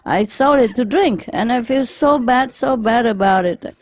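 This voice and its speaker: A woman's voice: fairly high pitch, measured pace, no room sound, studio quality, voice pushed up. A woman voicing a mournful drunk man lamenting that he sold his wedding ring. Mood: self-pitying. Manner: whiny, self-pitying.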